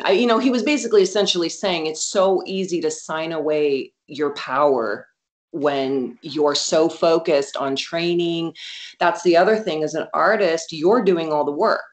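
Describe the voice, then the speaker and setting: A woman guest in a casual interview, telling candid stories with lively quoted asides. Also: sits low, moderate pace.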